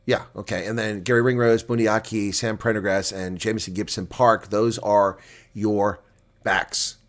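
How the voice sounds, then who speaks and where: Excitable man calling a rugby watch-along. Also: fairly low pitch, moderate pace. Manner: excitable, swings from quiet asides to loud calls; opinionated, argues with referee calls. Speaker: live watch-along commentator. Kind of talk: live reaction play-by-play commentary.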